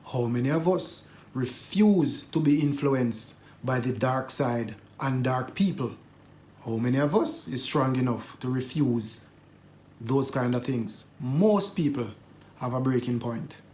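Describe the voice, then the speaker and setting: A man hosting a news commentary channel, speaking in a measured way and posing rhetorical questions to viewers. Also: mid-range voice, darkish tone, roomy sound.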